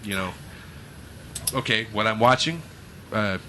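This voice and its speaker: A man co-hosting a casual podcast, telling a long profane story and acting out shouted trash talk. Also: fairly low pitch, lively intonation, a little slow, a little hiss or hum. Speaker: podcast co-host. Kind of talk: casual chat, animated storytelling.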